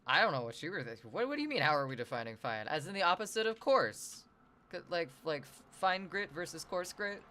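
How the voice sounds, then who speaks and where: A streamer from the Northwestern US chats casually with viewers at a fairly quick pace in a medium-pitched voice. They're animated and self-deprecating and swear freely.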